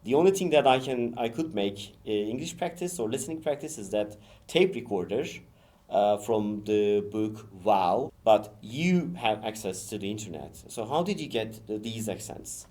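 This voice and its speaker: A man's voice: on the low side, lively intonation, normal speed, warm tone. A man with a Turkish accent, an English teacher hosting a casual school podcast and asking students questions one word at a time. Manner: questioning, encouraging, says each word one by one.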